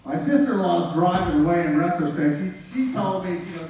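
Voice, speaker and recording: A man's voice: high-pitched, a little fast, few pauses, a little mellow, slight background noise. A man giving a personal testimony, casual and slangy, acting out the dialogue as he tells it. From United States. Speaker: testimony speaker. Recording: echoey hall, voice from far off.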